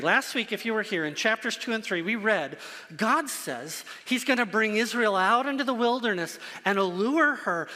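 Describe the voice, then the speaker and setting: A man's voice: sits high, pushed and bright, long reverb tail. A man preaching a sermon to his congregation, earnest and emphatic, repeating phrases for stress. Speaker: pastor.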